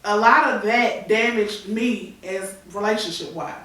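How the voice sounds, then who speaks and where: Her medium-pitched, fairly bright voice moves a little slowly as this thirtysomething woman opens up on a talk show, tearfully telling a painful story and acting out the words of others. The room echoes strongly, and she's far off the microphone.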